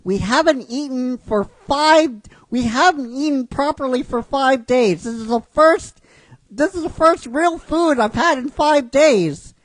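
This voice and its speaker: A man's voice: very high-pitched, a little slow, dry recording, voice pushed up. A man voicing a sassy, hungry male electric mouse creature, raised well above his own voice, in a storytime reading of a fan script. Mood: indignant. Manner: sassy, complaining.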